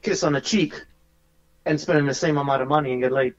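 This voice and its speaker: A man's voice: a little high, fairly even intonation, fast, lo-fi sound. A man calling into a podcast, arguing bluntly and swearing freely. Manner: blunt, argumentative, swears a lot. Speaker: caller.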